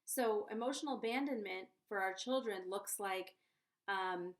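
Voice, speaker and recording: A woman's voice: mid-range voice, measured pace. A woman giving parenting advice in a casual vlog, chatty and earnest, often checking in with the viewer. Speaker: conscious parenting coach.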